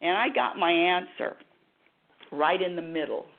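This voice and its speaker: A woman's voice: lowish voice, lively intonation, unhurried. A woman radio host and happiness coach telling a personal story with passion, acting out dialogue in a talk radio monologue. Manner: impassioned storytelling with dramatized dialogue. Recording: tinny phone-like line.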